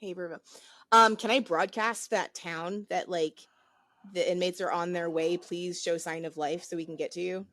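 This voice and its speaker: A woman's voice: fairly low pitch, steady tone, moderate pace, a bit bright. Hesitant woman player thinking aloud. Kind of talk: casual tabletop play.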